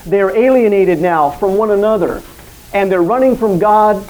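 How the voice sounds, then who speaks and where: A man's voice: high-pitched, normal speed, darkish tone, poor audio. A man preaching an evening sermon, speaking earnestly and directly to his listeners and acting out quoted lines.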